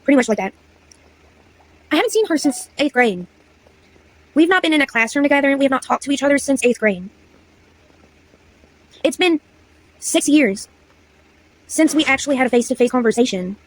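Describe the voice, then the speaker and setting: A woman's voice: high-pitched, expressive, normal speed, pauses often, no room sound, rough recording. A young woman of about twenty, reading old text messages aloud in a chatty, exasperated story-time vlog. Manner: chatty, exasperated, slangy asides. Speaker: content creator.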